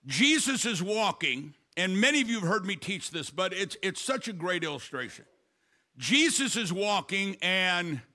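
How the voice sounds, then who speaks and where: Older male pastor, high bright voice, storytelling sermon with shouted peaks. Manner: storytelling preacher, rising to shouts.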